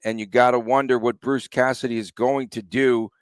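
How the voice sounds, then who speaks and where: A man's voice: mid-range voice, little pitch movement, normal speed, smooth, dry recording. A man hosting a sports podcast in casual chat, conversational and asking his co-host questions.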